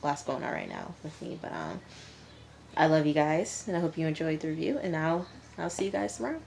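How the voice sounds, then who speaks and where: A woman's voice: low voice, huge pitch swings, a little fast, gravelly, darkish tone, a little hiss or hum. A young woman reviewing a TV episode for her viewers, chatty and candid, addressing them as y'all. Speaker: TV review vlogger. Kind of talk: casual chat to viewers.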